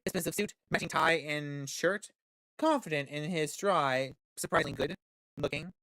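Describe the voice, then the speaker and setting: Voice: medium pitch, moderate pace, fairly bright tone, no room sound, studio quality. Playful streamer reading a story game. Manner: playful, laughs and swears at the story. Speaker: gaming streamer. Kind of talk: reading a visual novel aloud with reactions.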